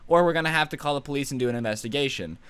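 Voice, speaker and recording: A man's voice: mid-range voice, racing, smooth, dry recording, natural voice. A man voicing a blunt, matter-of-fact school nurse in his own voice.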